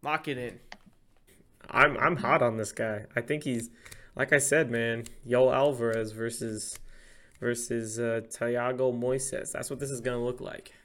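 A man co-hosting a fight-betting podcast, talking at an ordinary middle pitch. He gets excitable and profane, talking over himself as he hypes up his favourite picks. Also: unhurried. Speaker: podcast co-host. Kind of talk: casual chat.

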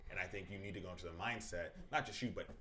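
A man's voice: deep voice, racing, very noisy. A man hosting a podcast in casual chat, easygoing and agreeable, leaning on "like" as a filler. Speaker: podcast host.

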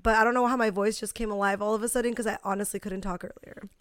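A woman's voice: mid-range voice, steady tone, fast, fairly bright tone, no room sound, clean studio sound. Blunt, crude woman podcaster. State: sick with body aches. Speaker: podcast co-host. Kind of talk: casual chat. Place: small bedroom.

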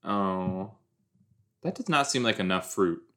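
Unhurried, chatty young man reacting. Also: low-pitched, lively intonation, a bit bright. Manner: chatty, self-deprecating, rambling with fillers. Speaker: podcast host. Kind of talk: casual watch-along commentary.

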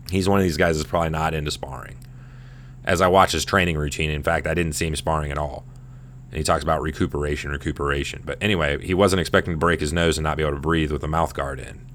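A man in his thirties talks casual sports in a low, deep voice. He rambles and swears as he tells the story with animation. A faint hum runs under the recording. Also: a bit bright. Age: 30s. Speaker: podcast host.

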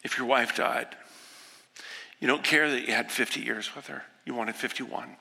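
A pastor in his sixties delivering an earnest sermon, moving from hushed, quiet passages to impassioned ones. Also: medium pitch, steady tone, normal speed, creaky. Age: 60s. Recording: echoey hall with long reverb.

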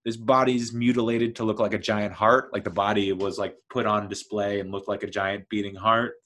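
Enthusiastic male reviewer, lower pitch, loose and rambling delivery. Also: level tone, moderate pace, fairly bright tone. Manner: rambling, many fillers and restarts, enthusiastic. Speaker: TV show reviewer. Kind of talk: casual review chat.

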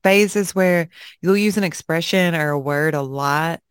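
A woman co-hosting a casual chat show, brash and quick with profanity-laced asides. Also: sits low, clean tone, dry recording, clean studio sound. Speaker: podcast co-host.

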